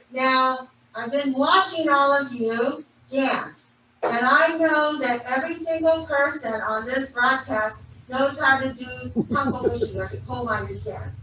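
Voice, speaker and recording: A woman emcees a temple dance event in an upbeat, chatty voice. Her voice sits high, heard from a distance. The large hall rings heavily around her, with noise in the background. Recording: echoey hall from far off, noisy.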